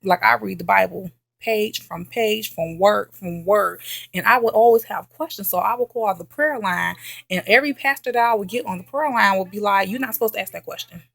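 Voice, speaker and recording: Woman vlogger, mid pitch with some fry, telling a story in an emphatic, repetitive way with lots of "okay?", close and dry sound. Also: normal speed, a bit bright, no room sound. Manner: emphatic, repeats herself, checks in with "okay?". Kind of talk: casual late-night storytelling chat.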